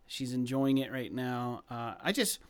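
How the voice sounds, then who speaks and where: Male co-host, loose excitable gamer chatter, rambles and restarts. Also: medium pitch, unhurried, clear, resonant tone. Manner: rambling, filler-heavy, excitable. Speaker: podcast co-host. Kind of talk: casual gaming chat.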